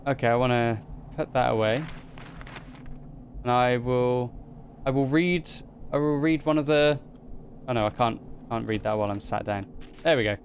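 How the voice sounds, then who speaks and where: Excitable man playing a game. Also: mid-range voice, normal speed, long pauses, slight background noise. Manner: chatty, excitable, narrates his own moves. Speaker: gaming video host. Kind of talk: let's play commentary.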